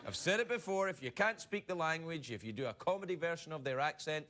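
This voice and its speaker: Animated male late-night host riffing. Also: on the high side, fast talker. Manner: animated, mock-indignant, riffing. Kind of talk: comedic bit reading viewer emails. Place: TV studio with live audience. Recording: loud studio audience, live-broadcast noise.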